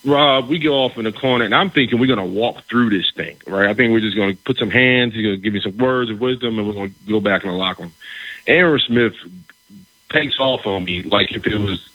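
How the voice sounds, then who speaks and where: Husky-voiced man telling a story. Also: on the low side, a little fast, no echo. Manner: animated, restarts phrases, asks "right?" often. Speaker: guest, former pro football player. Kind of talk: casual storytelling in conversation. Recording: dull, slightly lo-fi recording.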